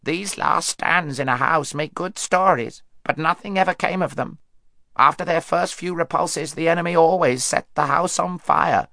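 A man voicing a croaking raven counselor, high-pitched, wise, storybook, dry close recording. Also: normal speed, bright, forceful tone, no echo. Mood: grave. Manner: sententious, fond of bird sayings.

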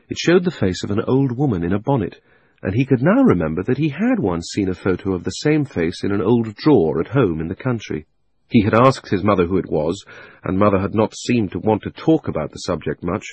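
A man narrating an audiobook in an expressive storytelling manner. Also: deep voice, slightly rough, no echo.

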